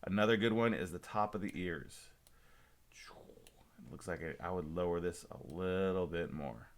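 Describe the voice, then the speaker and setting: A man teaching a high school class through a screen-recorded software demo, talking to himself as he works and adding small jokes. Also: unhurried. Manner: talks to himself while working, relaxed asides and small jokes.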